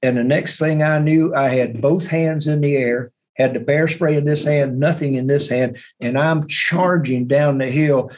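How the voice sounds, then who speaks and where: A man who is a bowhunter, telling a hunting story as a podcast guest, animated and repeating words as he goes. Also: a little high, unhurried, few pauses, low-quality recording. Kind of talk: hunting story told in an interview.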